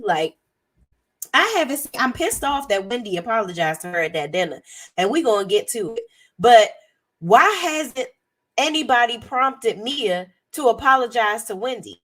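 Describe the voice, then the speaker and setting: A hoarse woman giving a blunt, sassy, profane commentary as a reality TV reviewer. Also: a little high, lively intonation, normal speed, a bit bright. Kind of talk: casual commentary.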